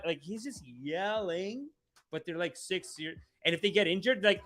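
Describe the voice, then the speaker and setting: Comedy podcast host, man, lively rambling slangy delivery, bright tone. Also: sits high, normal speed. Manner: animated, rambling, slangy, often laughing. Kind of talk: casual comedy livestream chat.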